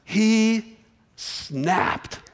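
A man preaching a sermon, retelling the story with lively restarts and humor. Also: high voice, very slow. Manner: animated storytelling with repeated restarts.

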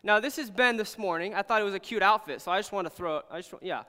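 Bright, clear young pastor in a big hall. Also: male voice, high-pitched, quick pace. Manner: earnest, animated, heavy use of "like". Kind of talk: casual storytelling sermon. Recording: long hall reverb.

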